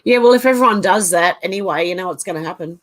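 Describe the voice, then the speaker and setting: A woman's voice: fairly low pitch, quick pace. A woman hosting a casual livestream, reading out viewer comments and thinking aloud with hesitant asides. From Australia.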